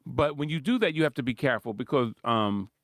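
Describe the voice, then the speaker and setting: Man, Philadelphia accent, lively swooping voice, rambling sports talk, dry close sound. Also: medium pitch, fairly quick, no echo. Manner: animated, rambling, laughs often, acts out quotes. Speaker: sports commentator host. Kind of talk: casual monologue.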